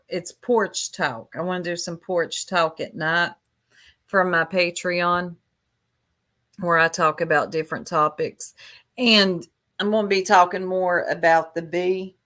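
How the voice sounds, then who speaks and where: On a casual livestream, a woman gossips in a low, unhurried drawl with a fairly bright tone. She's chatty and catty, lingering over every jab.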